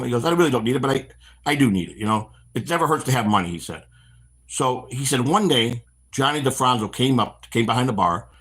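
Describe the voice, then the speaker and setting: Middle-aged chicago guy on a walk, talks fast, husky voice, acts out all the people in his stories. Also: mid-range voice. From Chicago area. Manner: animated storyteller, acts out quoted voices, frequent restarts. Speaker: stream host. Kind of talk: rambling storytelling on a walk-and-talk stream. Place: outdoors on a walk.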